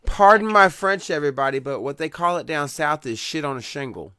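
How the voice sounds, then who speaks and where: Man, southern accent, radio host, folksy, smooth voice, dry close mic. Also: a little high, expressive, brisk, bright, forceful tone, no echo. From Deep South, US. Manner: folksy, keeps addressing listeners with y'all. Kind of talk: live radio interview.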